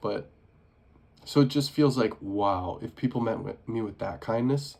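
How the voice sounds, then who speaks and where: A man's voice: lowish voice, unhurried, creaky, darkish tone. A young man vlogging casually and earnestly about his life, rambling with many restarts and fillers. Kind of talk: casual personal vlog reflection.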